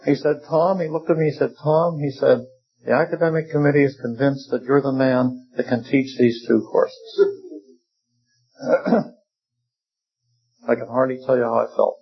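Older preacher with a gravelly voice. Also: male voice, mid-range voice, steady tone, normal speed, pauses often. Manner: folksy, wry, with humorous asides. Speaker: preacher and seminary teacher. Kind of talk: sermon. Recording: dull lo-fi recording.

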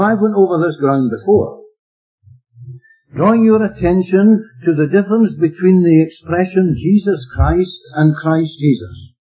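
A man's voice: high voice, husky. A man preaching an expository Bible teaching, emphatic and plain-spoken, asking his listeners rhetorical questions. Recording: dull lo-fi recording with faint music.

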